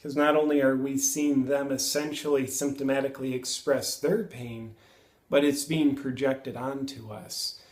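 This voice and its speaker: A man in his thirties hosting a reflective self-help monologue, earnest and musing, pausing and correcting himself as he thinks aloud. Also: mid-range voice, steady tone, a little mellow, reverberant. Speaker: self-help video host.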